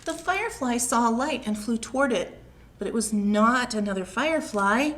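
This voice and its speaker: A woman, a children's librarian, reading a picture book aloud at home, slow and expressive, pausing to ask the young listeners questions. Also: fairly high pitch.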